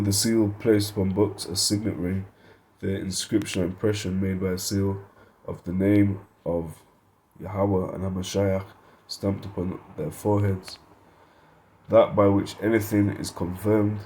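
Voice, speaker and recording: A man's voice: low-pitched, warm tone, slight background noise. A man giving an informal Bible study lesson, reading verses and word definitions aloud, thinking aloud and correcting himself as he goes. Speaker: Bible teacher.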